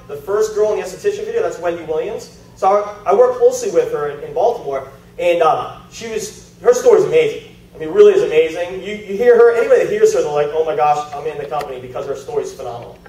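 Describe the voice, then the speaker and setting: A man talks at a quick pace in a high, slightly mellow voice with lively intonation, giving a sales presentation to a live group in a meeting room. He chats, tells stories, and quizzes the audience; the room echoes and he sounds distant.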